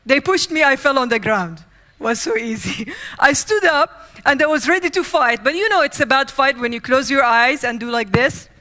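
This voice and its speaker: Woman keynote speaker from the Middle East, high bright voice, lively storyteller acting out scenes. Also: normal speed. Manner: lively, acts out scenes and quotes. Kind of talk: humorous storytelling speech. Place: conference stage.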